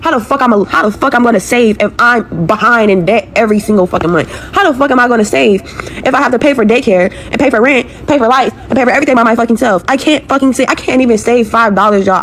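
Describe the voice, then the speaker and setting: A young woman's somewhat high voice carries over slight background noise as she unloads on her followers in a viral video. Exasperated and cursing, she circles back over the same points about her struggles.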